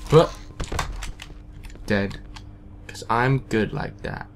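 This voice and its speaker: A man talks through a horror game at a relaxed, slow pace, jumping at scares and cursing at enemies. His desk mic picks up clear keyboard typing behind him. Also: mid-range voice, a little hiss or hum. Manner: jumpy, swears and taunts enemies. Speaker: let's play gamer. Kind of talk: casual horror gameplay commentary.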